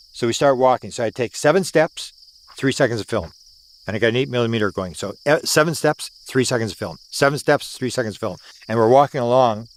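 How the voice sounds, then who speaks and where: Recounting a sighting outdoors at the place it happened, an older Canadian UFO researcher in his sixties speaks at a medium pitch. His animated story features emphatic repetition and acted-out lines from the people involved.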